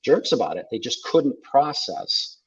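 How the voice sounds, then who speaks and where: An older man from South Dakota, USA, appears as a podcast guest, telling wry anecdotes in casual conversation and quoting people's lines back and forth. His mid-range voice is very animated and unhurried with a breathy edge, captured in dull lo-fi audio.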